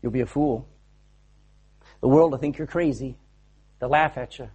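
A man's voice: medium pitch, normal speed, darkish tone, breathy edge, dull audio. A man preaching a sermon to a live audience, fervent and exhorting, calling people to action. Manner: fervent, exhorting, directs volunteers on stage.

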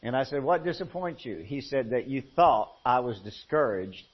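A male pastor telling a folksy story in a sermon, swinging from hushed to loud. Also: mid-range voice, lively intonation, normal speed, hardly any pauses, husky. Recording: muffled lo-fi sermon recording.

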